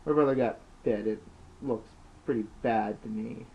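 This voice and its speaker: A man's voice: medium pitch, moderate pace, creaky, natural voice. A man voicing a brash, foul-mouthed young man who is protective of his brother and talks in a jittery, profane way. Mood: worried. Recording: dull lo-fi with faint hiss.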